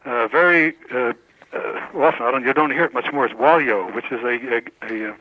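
A Philadelphia man calls in to a radio show, talking quickly and eagerly with lots of fillers. His voice comes through a muffled, lo-fi phone line. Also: medium pitch. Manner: chatty, eager, full of fillers. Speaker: caller. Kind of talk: radio call-in chat. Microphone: telephone.

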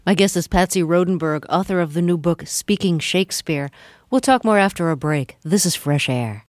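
A woman hosts a radio interview, her voice pitched a little low. She asks her questions in a measured, plain way. The studio sound is dry and close. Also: dry recording.

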